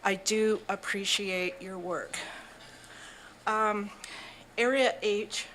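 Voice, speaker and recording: A woman's voice: medium pitch, steady tone, extremely slow, fairly bright tone, slight background noise, low-quality recording. An older woman from Canada, a public delegate at a council meeting, reading a prepared statement in an earnest, slightly breathless way. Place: council chamber.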